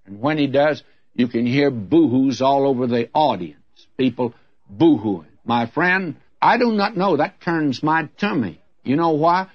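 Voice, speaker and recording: A man's voice: mid-range voice, animated, unhurried, dry recording, lo-fi sound. A man preaching an expository sermon as a radio Bible teacher, earnest and folksy, with candid humorous asides.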